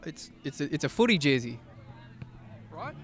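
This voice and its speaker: Man, hesitant, bumbling, stammering fillers, slightly high voice, outdoors. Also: very animated, moderate pace, vocal fry, a crowd in the background. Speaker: clueless trainee in a comedy bit.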